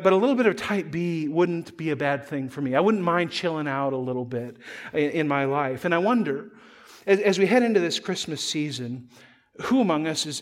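A man giving a sermon as pastor, telling a story in a conversational way with self-deprecating humor. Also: on the high side.

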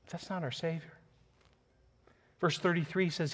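Man, pastor, sermon, scripture reading, earnest, passionate, slightly high voice. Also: fairly even intonation, slow, pauses often, husky. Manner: earnest, builds to passionate emphasis; reads scripture aloud, chuckles softly.

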